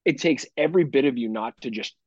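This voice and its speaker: A man co-hosting a podcast in casual chat, swearing freely and telling animated stories about his kids. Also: mid-range voice, fast, breathy edge, no echo, highs cut off. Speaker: podcast co-host.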